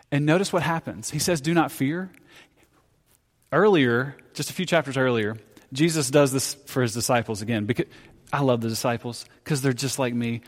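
A man preaching a sermon as pastor, telling stories with animated, self-deprecating humor. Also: a little high. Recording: reverberant hall.

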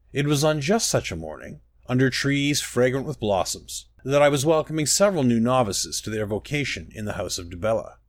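A man reading a fantasy book aloud in measured, expressive narration. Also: medium pitch, no room sound. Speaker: audiobook reader. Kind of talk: scripted storybook narration.

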